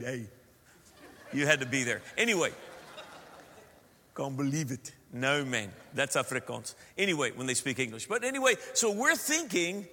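A middle-aged pastor preaching with a high, bright, ringing voice. He tells stories with humor and keeps putting questions to the congregation. His voice echoes with a long reverb through a church hall. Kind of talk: sermon.

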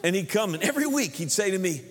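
Animated man preaching in an echoing hall. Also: high-pitched, fast talker. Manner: animated storytelling, acts out the people he quotes. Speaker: pastor. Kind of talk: sermon. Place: church sanctuary. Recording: long reverb of a church hall.

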